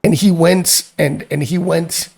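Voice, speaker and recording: A man voicing a frightened young woman who begs for help to find her kidnapped brother, speaking in halting, tearful pleas. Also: on the high side, steady tone, gravelly, a little mellow, full character voice.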